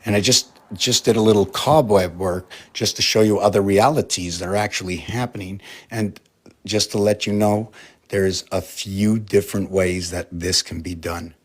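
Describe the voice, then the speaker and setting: A man's voice: fairly low pitch, steady tone, moderate pace. A man in a casual vlog, rambling through an explanation and asking many rhetorical questions. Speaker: vlogger.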